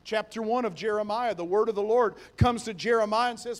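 A young man with a notably high voice delivers a sermon. He tells it like a story, chatty and animated. He jumps between plain narration and lively retellings. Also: a little fast, hardly any pauses. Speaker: preacher.

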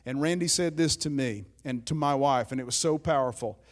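A man's voice: mid-range voice, a little fast. A pastor preaching a sermon in an emphatic, conversational way, often checking in with his listeners.

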